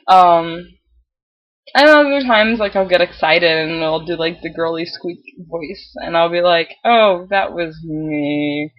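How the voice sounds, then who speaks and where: A young man with a light, girlish-sounding voice, talking in a casual video diary and pausing often with ums. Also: a little high, highs cut off. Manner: hesitant, full of pauses and "um"s. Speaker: vlogger.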